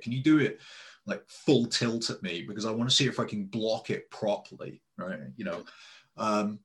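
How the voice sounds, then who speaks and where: Chatty man telling stories. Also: on the low side. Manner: animated, lots of fillers and quoted dialogue. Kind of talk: casual storytelling chat.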